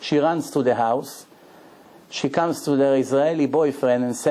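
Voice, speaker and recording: Gravelly, dark-voiced rabbi telling a story. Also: male voice, mid-range voice, unhurried. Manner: animated storyteller acting out dialogue; broken, non-native-sounding English grammar. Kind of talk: storytelling lecture.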